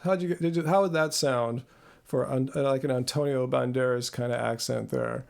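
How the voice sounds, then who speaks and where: A man's voice: mid-range voice, steady tone, normal speed, gravelly, a little mellow. A man hosting a live Q&A on his channel, rambling and self-deprecating with lots of fillers, talking into a close mic. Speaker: channel host. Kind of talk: live Q&A chat. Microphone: close studio mic.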